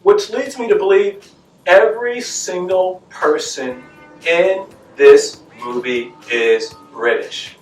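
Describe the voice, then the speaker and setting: A man reviews a film casually, speaking slowly in a high-sitting voice, asking rhetorical questions and repeating points for emphasis. He's far from the mic in an echoey room, with faint music in the background.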